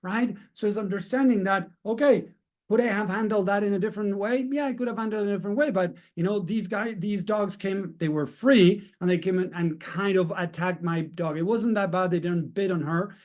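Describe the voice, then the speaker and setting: A man's voice: high voice, fairly quick, darkish tone. A man coaching viewers in a casual, rambling self-help talk, often checking in with "right?" and "you know". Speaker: mindset coach.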